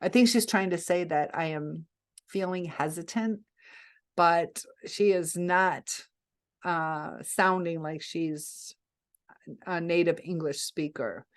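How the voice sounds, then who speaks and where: A woman vlogger casually telling a story to camera, chatty and rambling, often pausing and correcting herself. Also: fairly low pitch. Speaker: vlogger recounting a scam attempt.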